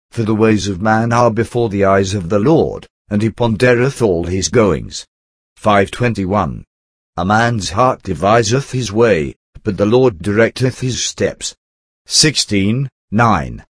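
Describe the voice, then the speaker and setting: A man with a fairly low voice reads a religious essay aloud in a measured, deliberate way. He quotes scripture verses one after another. The sound is dry and close, with no room around it. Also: no echo. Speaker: reader of a theological essay.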